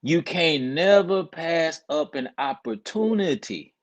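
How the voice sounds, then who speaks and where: A man's voice: fairly high pitch, lively intonation, slow. A male guest speaker talking earnestly, quoting scripture and repeating words to drive his points home. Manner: earnest, cites scripture, builds points with repetition. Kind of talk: casual chat with a preaching tone.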